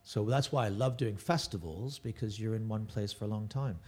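A man's voice: lowish voice, moderate pace, darkish tone, husky. A middle-aged man, a touring stand-up comedian, chatting casually as a podcast guest and rambling with restarts and self-corrections.

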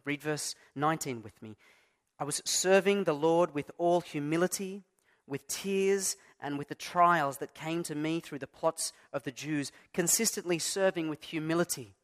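A man preaches to his church in an easy, conversational way. He pokes fun at himself and leans hard on key words for emphasis. His voice sits a touch higher than most men's. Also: normal speed, fairly bright tone. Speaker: pastor. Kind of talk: sermon.

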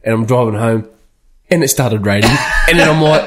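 A man's voice: medium pitch, a little fast, a crowd in the background. An Australian man telling a funny story in casual chat, laughing often.

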